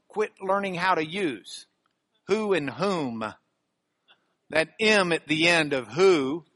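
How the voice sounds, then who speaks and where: A man teaches a live audience, his voice bright and forceful. His pitch swings lively as he explains each point step by step, checking in with quick rhetorical questions. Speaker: bible teacher.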